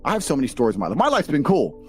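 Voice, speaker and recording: A man's voice: medium pitch, very fast, soft background music. A man with a British accent, telling stories in a brash, profane, boastful way as a podcast guest. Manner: profane, boastful, animated storyteller. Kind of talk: brash storytelling chat.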